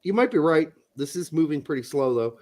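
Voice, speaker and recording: Animated, cussing man co-hosting a soccer show. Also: on the high side, brisk. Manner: profane, animated, swings into loud mock outbursts. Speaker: podcast co-host. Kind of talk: casual chat.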